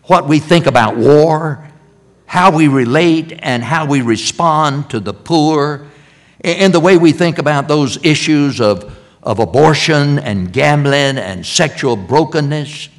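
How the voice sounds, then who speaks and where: An older man preaching a sermon in a church, repeating key phrases and swinging from loud emphasis to hushed lines. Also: a little high, animated, a little slow. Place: church sanctuary.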